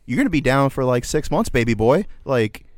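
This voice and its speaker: A man's voice: medium pitch, sing-song, brisk, no room sound, studio quality. A man hosting a podcast, joking crudely and playfully in casual banter. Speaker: podcast host.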